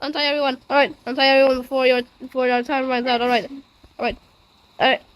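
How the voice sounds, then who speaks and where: A woman narrating a playful game role-play in an animated way, voicing several characters in turn. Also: high voice, fast, rough recording. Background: clear background music.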